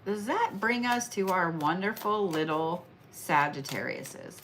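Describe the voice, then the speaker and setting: A woman's voice: lowish voice, animated, a little slow, a bit bright, a little hiss or hum. A young woman with an Oklahoma accent hosting a casual horoscope reading, tired and yawning, chatty and teasing, repeating phrases for emphasis. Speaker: astrology and reiki livestream host.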